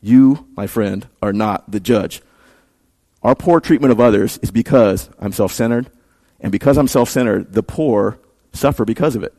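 A man's voice: lowish voice, moderate pace, mellow. A man preaching a sermon as pastor, in a conversational way that swells into emphatic, rising peaks.

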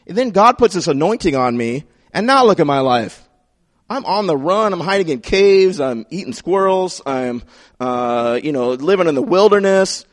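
A man's voice: fairly high pitch, animated, moderate pace, natural voice. A man playing a fed-up young fugitive in a sermon retelling, grumbling sarcastically about his hard life.

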